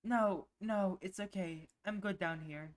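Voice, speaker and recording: A woman voicing a shaken, shy young male furry protagonist in a visual novel, speaking quietly and hesitantly. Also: medium pitch, unhurried, natural voice. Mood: shaky. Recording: music playing underneath.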